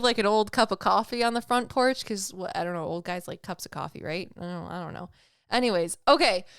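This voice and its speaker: A woman's voice: mid-range voice, clean tone, dry recording, studio quality. A woman podcast host and medium chatting casually and rambling a little, with many fillers and light laughs, as she reads out and comments on listener stories.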